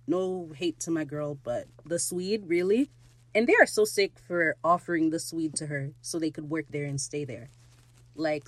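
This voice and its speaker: Excitable woman gushing over a show. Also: no room sound, low-quality recording. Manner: excitable, gushing, swings loud and high when thrilled. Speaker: podcast host. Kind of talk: casual episode recap.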